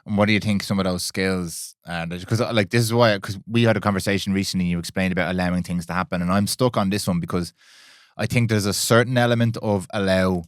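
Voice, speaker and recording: A man's voice: sits low, steady tone, fast talker, no room sound, clean studio sound. A man with an Irish accent co-hosting a casual podcast, thoughtful and reflective. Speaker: podcast co-host.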